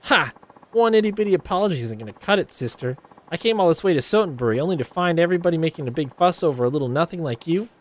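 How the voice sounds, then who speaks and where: A man's voice: a little high, expressive, fast, pitched above the performer's own voice, close to an everyday voice. A man voicing a snooty, boastful young female idol rival while reading video game dialogue aloud. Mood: mocking. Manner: haughty, boastful, whiny.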